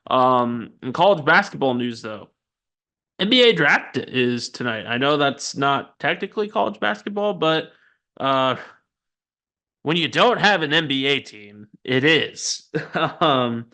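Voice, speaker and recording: A man's voice: medium pitch, expressive, unhurried, bright, forceful tone. A man hosting a casual sports podcast, running through news with chatty, self-deprecating asides and frequent ums. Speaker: podcast host.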